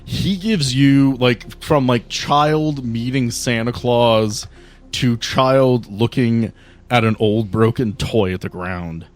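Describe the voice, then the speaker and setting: A man's voice: medium pitch, slow, faint music behind. A man narrating a tabletop role-play game as game master, in a loose, casual manner.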